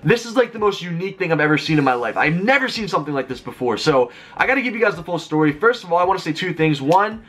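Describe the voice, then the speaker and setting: A YouTuber in his twenties tells his viewers a story in a rapid, chatty vlog style, packed with "like." His voice is fairly high, very animated, and fairly bright in tone.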